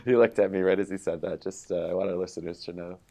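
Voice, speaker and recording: A man's voice: low voice, fairly even intonation, fast talker, mellow. A young man co-hosting a casual podcast, easygoing and laughing often, with teasing asides to listeners. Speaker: podcast co-host. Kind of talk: casual conversation.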